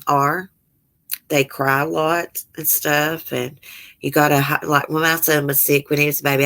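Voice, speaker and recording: A woman's voice: sits low, fairly bright tone. A woman hosting casual true-crime commentary, reading news aloud and reacting emotionally and bluntly. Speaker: channel host.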